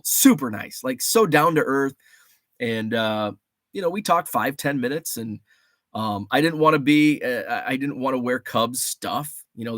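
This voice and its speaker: A man telling a loose, easygoing story on his livestream, laughing often and stopping to read viewers' comments. His voice sits at an ordinary middle pitch. The sound is dry and close, with no room echo. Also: a bit bright. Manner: rambling, chatty, laughs often, reads chat aloud. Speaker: livestream host. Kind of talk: casual livestream chat.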